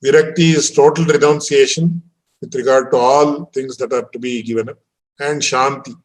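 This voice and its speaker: A man's voice: medium pitch, fairly even intonation, moderate pace, poor audio. A man, teaching a religious discourse and explaining verses in a patient, explanatory way. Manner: explanatory, quotes Sanskrit and Tamil verses, chuckles. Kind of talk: scriptural discourse.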